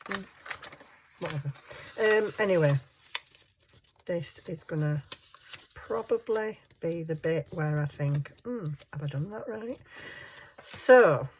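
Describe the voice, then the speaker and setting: A woman's voice: low voice, a little mellow, a little hiss or hum. A woman crafting at her home desk, thinking aloud in a rambling, self-mocking way with frequent chuckles. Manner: chuckles often while working. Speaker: craft journaling vlogger. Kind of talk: casual crafting chat.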